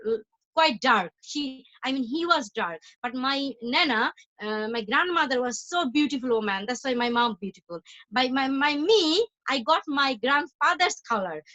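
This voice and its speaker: High, bright-voiced Bangladeshi-born woman on a call. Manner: talkative, repeats and restarts phrases often. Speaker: interview guest, entrepreneur. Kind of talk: casual interview chat. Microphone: video call. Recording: dull lo-fi call audio.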